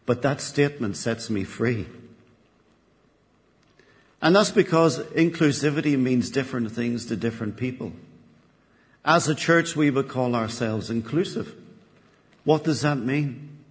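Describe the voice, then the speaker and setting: A man preaching a sermon in a church, telling a joke in an animated way and building up repeated phrases. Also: mid-range voice, unhurried, pauses often. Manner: animated storytelling, building repetition. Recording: reverberant church hall.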